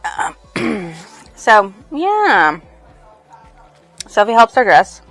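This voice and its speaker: A woman's voice: mid-range voice, big pitch swings, drawn-out words, fairly bright tone, faint music behind. A woman casually summarizing a book's plot as a book reviewer, rambling loosely with lots of fillers. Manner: rambling, full of fillers and "she's like".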